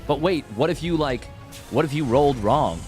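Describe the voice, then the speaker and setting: A man's voice: a little high, expressive, normal speed, a little mellow, faint music behind, voice pushed up, close to an everyday voice. A man voicing a naive young boy, whiny and full of questions, in a retold comic scene. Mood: questioning.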